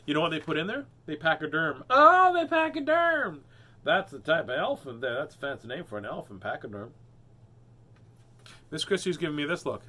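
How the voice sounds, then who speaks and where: A man's voice: on the high side, quick pace. A man hosting a playful picture-book read-aloud, full of puns and jokey asides. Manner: jokey, punning, animated asides. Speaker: host reading picture books aloud.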